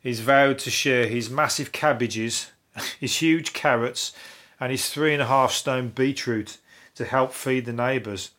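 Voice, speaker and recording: A man with a broad Brummie accent talks alone into his new podcast microphone. He rambles from topic to topic, swearing freely and chuckling at his own crude jokes. His voice sits at an ordinary middle pitch. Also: steady tone, unhurried, fairly bright tone. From Birmingham, England. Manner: swearing, chatty, laughing asides. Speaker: solo podcast host.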